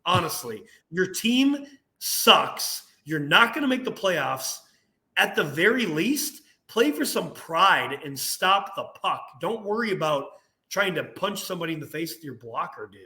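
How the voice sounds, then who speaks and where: A young man co-hosting a casual sports podcast, ranting with animated energy and laughing at himself. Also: fairly high pitch, normal speed. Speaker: podcast co-host.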